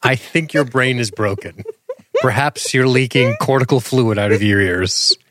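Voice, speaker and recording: A man's voice: medium pitch, normal speed, a bit bright, dry recording. A man with a mid-range voice co-hosts a podcast in loose, casual chat. He is sardonic and profane and teases his partner. The sound is dry and close, with no room around it. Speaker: podcast co-host.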